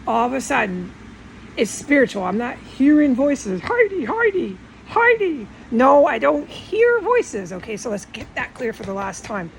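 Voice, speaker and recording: A woman's voice: fairly high pitch, very animated, normal speed, vocal fry, slight background noise, low-quality recording. A woman talking at home in a rambling, defensive monologue, insisting on her points again and again. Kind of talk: casual monologue vlog.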